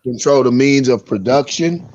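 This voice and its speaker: A man with a mid-pitched voice holds forth in casual discussion, earnest and a bit speechifying. The recording sounds slightly dull and lo-fi. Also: moderate pace, crowd noise.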